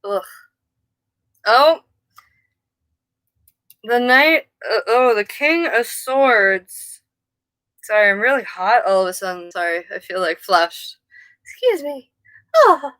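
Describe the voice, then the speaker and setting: A woman's voice: medium pitch, animated, slow, long pauses, a bit bright, dry recording, low-quality recording. A woman giving a casual live tarot reading, rambling and easily sidetracked. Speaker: tarot reader.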